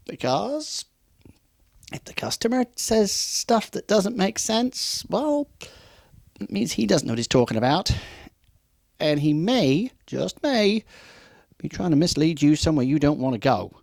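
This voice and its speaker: A man's voice: sits high, big pitch swings, normal speed, creaky, a little mellow, dry recording, clean studio sound. Emphatic male customer service trainer. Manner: emphatic, repetitive warnings; acts out customer dialogue in quotes. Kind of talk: unscripted training talk.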